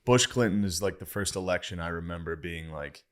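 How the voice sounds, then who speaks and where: A young man hosts a casual podcast chat in a low-pitched voice. He is laid-back and quick to laugh, and he swears freely as he talks. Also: a bit bright. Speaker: host.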